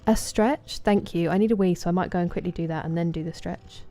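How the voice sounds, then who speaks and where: A woman's voice: lowish voice, fast, mellow. A young woman streaming a game, chatting casually with viewers and greeting them by name. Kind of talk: casual chat with viewers while gaming. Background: game music.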